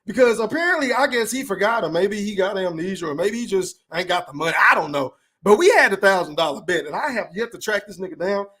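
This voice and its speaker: Loud, animated man ranting on a podcast. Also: high-pitched, fast talker, few pauses, husky. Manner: profane, animated, hypes donations with shout-outs. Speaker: podcast host. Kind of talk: livestream podcast rant.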